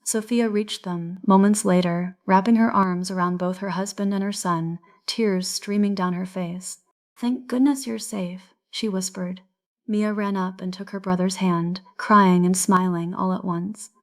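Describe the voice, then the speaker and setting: Slow clear female storyteller. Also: mid-range voice, little pitch movement. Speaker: narrator. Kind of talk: slow storytelling narration for English learners.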